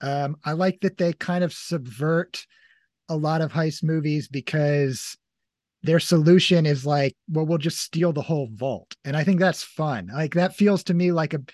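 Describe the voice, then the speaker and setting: Man hosting a movie podcast, rambling casual review, slightly high voice, dry close sound. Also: unhurried, darkish tone, no room sound. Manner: rambling, many "like" fillers. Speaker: podcast host.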